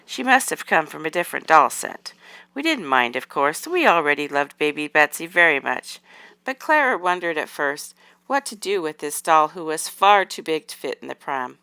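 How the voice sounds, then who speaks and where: A woman reading aloud, voicing a gentle, calm mother doll telling a story. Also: low-pitched, moderate pace, clean tone, no echo, heavily acted. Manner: gentle, soothing.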